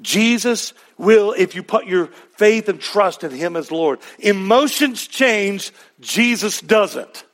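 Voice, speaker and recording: Slow, high-voiced preaching man. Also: lively intonation, a bit bright. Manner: emphatic preaching with repeated refrains and rhetorical questions. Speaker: pastor. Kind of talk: sermon.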